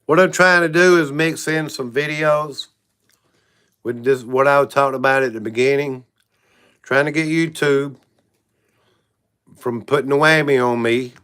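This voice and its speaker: A man's voice: mid-range voice, steady tone, a little slow, pauses often, a bit bright, clean tone. A man hosting a casual livestream. He rambles frankly and keeps saying "y'all". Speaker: channel host.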